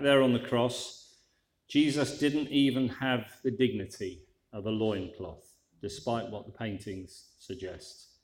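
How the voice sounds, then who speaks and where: Preacher in a roomy church. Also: male voice, fairly low pitch. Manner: conversational with dry, wry asides. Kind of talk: sermon.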